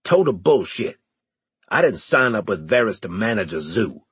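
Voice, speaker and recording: Grumbling crude sergeant, low husky voice, man voicing him. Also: sing-song, moderate pace, a bit bright, no echo, exaggerated voice. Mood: mocking. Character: gruff male sergeant, sour and crude.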